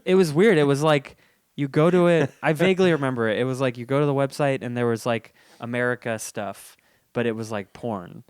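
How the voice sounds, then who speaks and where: Rambling, hesitant male host, mid-pitched, dry close recording. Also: brisk, smooth, dry recording. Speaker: podcast host. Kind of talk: casual podcast chat.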